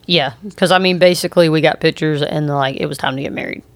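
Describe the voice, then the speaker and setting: A woman's voice: sits low, steady tone, fast, dry recording. A woman in her thirties co-hosting a podcast, telling a story in a chatty way with lots of fillers. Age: 30s. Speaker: podcast co-host. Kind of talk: casual chat.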